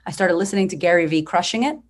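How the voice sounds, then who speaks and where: Blunt, energetic woman in her thirties. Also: on the low side, rapid-fire. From United States. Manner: blunt, profane, energetic and animated. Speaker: business coach guest. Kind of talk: candid podcast storytelling.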